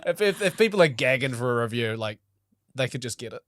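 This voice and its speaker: A man's voice: mid-range voice, expressive, fast, fairly bright tone, no echo. An easygoing man chatting on a podcast. His voice sits in the middle range but moves a lot, and he chuckles along with the others. Recorded dry. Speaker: podcast co-host. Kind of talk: casual chat.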